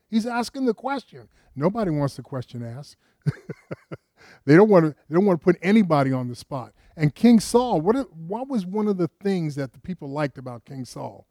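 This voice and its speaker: A man's voice: on the high side, expressive, moderate pace, mellow, no room sound, studio quality. A man preaching a sermon, retelling a story conversationally with rhetorical questions and frequent restarts. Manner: frequent restarts, rises with emphasis.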